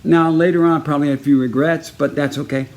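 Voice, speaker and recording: A man from Texas tells a story in a casual personal video message. His voice sits somewhat high for a man, and he keeps it lively by acting out every person in the story with raised, punchy delivery. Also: fast.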